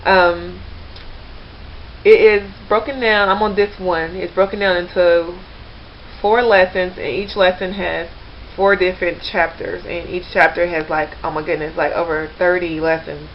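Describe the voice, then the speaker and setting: A woman's voice: on the low side, little pitch movement, measured pace, a little hiss or hum. Chatty woman rambling to a webcam. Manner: chatty and rambling, many fillers and restarts. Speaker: language learner vlogger. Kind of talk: casual chat to camera. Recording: slightly dull lo-fi webcam recording.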